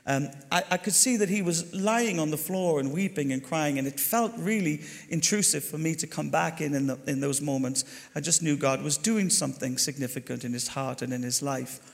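An Irish man telling a story during his sermon as a pastor, chatty and animated, talking straight to the congregation. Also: fairly high pitch, gravelly. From Ireland. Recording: long hall reverb.

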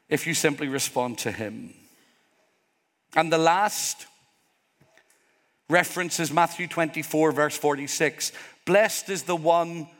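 A man's voice: a little high, a bit bright. A Northern Irish man preaching a sermon as pastor, earnest and emphatic, building repeated phrases. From Northern Ireland. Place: church hall with congregation. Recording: long hall reverb.

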